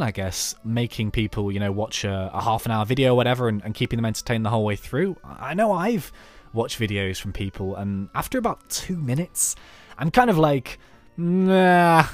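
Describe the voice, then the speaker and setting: A man from the United Kingdom talking through a game in a chatty, rambling let's play. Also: lowish voice. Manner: chatty, animated, rambling asides. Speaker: YouTube let's play host. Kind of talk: casual gameplay commentary.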